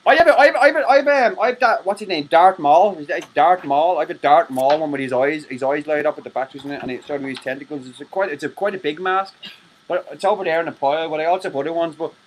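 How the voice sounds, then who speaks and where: A man talking as a guest in a casual chat, rambling and swearing while he tells animated stories over a video call. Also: a little high, fast, poor audio. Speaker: podcast guest.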